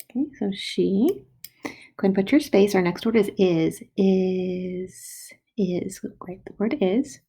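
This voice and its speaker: Patient female primary teacher for a recorded writing lesson at home; warm low-key delivery with some vocal fry. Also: expressive. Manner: slow, patient, sounding out words. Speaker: first grade teacher. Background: dog barking.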